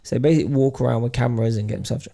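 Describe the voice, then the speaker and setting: Man, gravelly voice, very dark tone, casual storytelling. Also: medium pitch, racing. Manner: animated storyteller acting out both sides. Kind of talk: casual chat.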